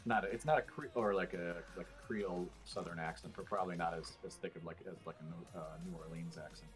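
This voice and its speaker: A man's voice: low-pitched, steady tone, fast talker, faint music behind. A man talking as a guest on a casual podcast, thoughtful and full of fillers.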